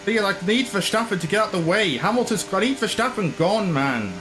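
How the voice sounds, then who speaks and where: A man's voice: high-pitched, animated, a little fast, background noise. A man commentating his own racing game, frustrated and ranting. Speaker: gaming channel host.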